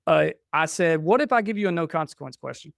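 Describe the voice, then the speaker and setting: Smooth-voiced man telling family stories. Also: fairly high pitch, fairly quick, no room sound, clean studio sound. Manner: animated, acts out dialogue in stories. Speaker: podcast guest. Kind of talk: casual storytelling chat.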